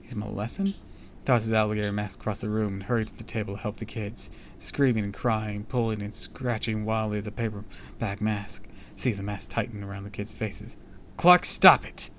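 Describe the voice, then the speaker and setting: A man's voice: lowish voice, level tone, a little fast, slight background noise. A man reading a book aloud on a live stream, with small slips and casual asides to his chat.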